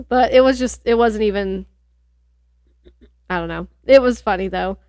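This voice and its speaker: A woman's voice: medium pitch, a little slow, a little mellow, no echo, clean studio sound. A young woman co-hosting a podcast, chatting casually and rambling, laughing often. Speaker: podcast co-host. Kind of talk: casual chat.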